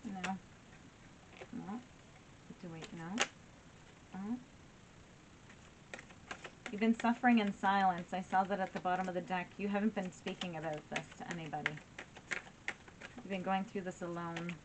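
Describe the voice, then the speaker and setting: Woman tarot reader, low-pitched, encouraging and chatty, noisy recording. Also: steady tone, normal speed, long pauses. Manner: warm, encouraging, full of "right?" and "okay?". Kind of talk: casual tarot reading to viewers.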